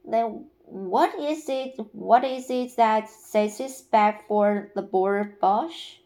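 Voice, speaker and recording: A woman reading aloud and voicing a lively, curious little boy who asks questions insistently. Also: on the high side, slow. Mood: eager.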